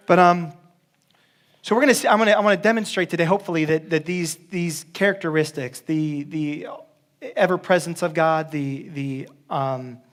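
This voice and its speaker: High-voiced pastor preaching casually. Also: male voice, steady tone, moderate pace. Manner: casual, joking, with many restarts. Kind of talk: sermon.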